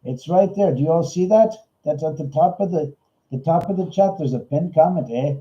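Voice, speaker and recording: A man's voice: fairly high pitch, fairly quick, mellow, natural voice. A man putting on a goofy Canadian ghost hunter, eh. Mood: joking. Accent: put-on Canadian. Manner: jokey, ends lines with "eh", calls people hosers. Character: goofy stoner male Canadian ghost investigator. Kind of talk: comic bit on a livestream. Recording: roomy, slightly dull livestream audio.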